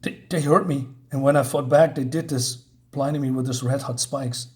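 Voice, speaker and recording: A man voicing a demon that poses as a blinded teenage boy, pleading and accusing in a high, strained voice. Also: fairly even intonation, moderate pace, close to an everyday voice.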